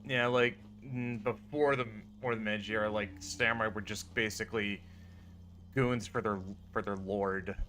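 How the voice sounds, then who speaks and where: A man co-hosting a casual chat, halting and restarting his sentences. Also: fairly low pitch, steady tone, a bit bright, a little hiss or hum. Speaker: podcast co-host.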